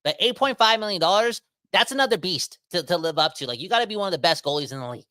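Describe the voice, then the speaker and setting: A man hosting a casual sports podcast, talking in a rambling, animated way that keeps interrupting itself. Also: high-pitched, quick pace, no echo. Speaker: podcast host.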